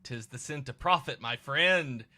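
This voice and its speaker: A man's voice: medium pitch, a little slow, pushed and bright. A man voicing a beefy, greedy male businessman with a put-on Cockney accent and hearty salesman patter.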